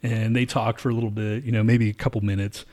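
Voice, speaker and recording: A man's voice: fairly low pitch, level tone, fast talker, dark tone. A man co-hosting a casual chat, telling a long profane story and acting out what people said. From lives in Denver. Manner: profane, rambling, acts out quotes.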